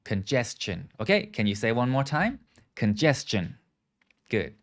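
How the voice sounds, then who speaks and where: Lively, clear-voiced male English teacher. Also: mid-range voice, brisk. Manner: explains words, asks viewers to repeat; frequent "okay" and "right" checks. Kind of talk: live online English lesson.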